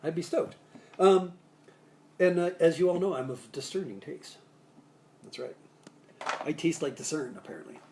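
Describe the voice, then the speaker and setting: A man with a slightly raised pitch hosting a live cocktail show in a loose, jokey way. He rambles through bartending tips, restarts sentences and wanders into asides. There is faint noise behind him. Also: lively intonation, moderate pace, gravelly, pauses often. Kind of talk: casual live-stream chat with bartending tips. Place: Salt Lake City area.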